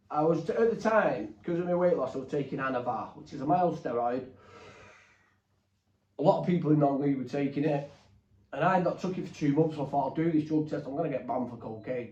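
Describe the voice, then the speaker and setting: A fairly high-voiced man talks bluntly and rambles, swearing freely as he tells his story as a podcast guest. He sits back from the mic in an echoey room, and the sound is a little dull. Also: dark tone. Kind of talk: candid storytelling. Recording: roomy, distant, dull.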